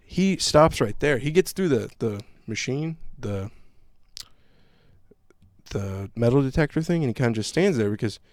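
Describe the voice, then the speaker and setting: A male podcast host telling a story in casual chat, with a profane, animated ranting manner. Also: mid-range voice, normal speed, pauses often, no echo, clean studio sound.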